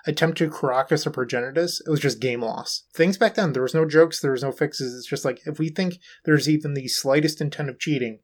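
A man with a somewhat high voice co-hosting a casual talk show. He tells animated stories, sprinkling in "like". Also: brisk, hardly any pauses. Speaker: podcast co-host. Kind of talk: casual chat.

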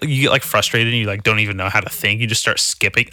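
A young man rambling through a profane, self-mocking comedic monologue as a solo podcast host, now and then mimicking people in a squeaky voice. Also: quick pace, sharp tone, a little hiss or hum.

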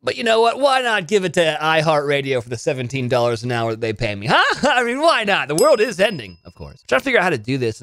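A man in his thirties hosting a solo podcast from his home studio, animated and self-mocking. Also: on the low side, no echo. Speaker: podcast host. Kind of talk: casual solo podcast chat.

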